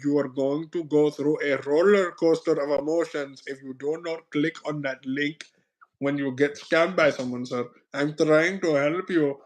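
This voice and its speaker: A man's voice: on the high side, fairly even intonation, normal speed, hardly any pauses, natural voice. A man playing a pushy, overly polite male phone scammer who pleads and keeps saying sir, in an improvised comedic phone role-play. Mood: pleading.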